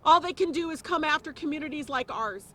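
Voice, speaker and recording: A woman's voice: high-pitched, quick pace, fairly bright tone. A woman giving an impassioned press conference speech, emphatic and repeating phrases for stress. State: close to tears at times. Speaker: politician speaking at a press conference.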